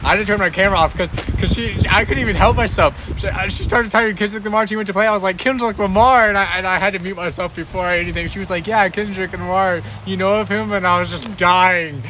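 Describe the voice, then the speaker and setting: A man's voice: sits high, fairly even intonation, fast talker, few pauses, noisy background. A young man hosting a casual chat stream, telling a story with frequent laughter and lots of dude and bro. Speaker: livestream host.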